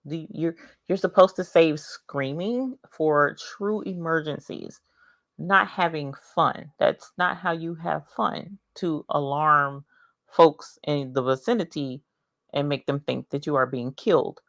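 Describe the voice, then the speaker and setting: A woman hosting a casual craft livestream, chatting and greeting viewers by name with drawn-out exclamations. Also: low-pitched, a bit bright, dry recording, studio quality.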